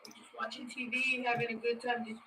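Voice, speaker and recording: A woman's voice: fairly high pitch, flat delivery, fast, pushed and bright. A young woman chatting playfully with friends at home, laughing often as she jokes. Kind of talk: casual chat among friends. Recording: noisy background.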